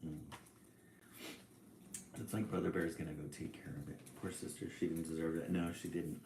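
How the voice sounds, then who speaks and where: A man reading a children's picture book aloud, with relaxed, chatty asides between passages. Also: low-pitched, normal speed, vocal fry, long pauses, noisy background. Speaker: storybook reader. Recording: echoey room.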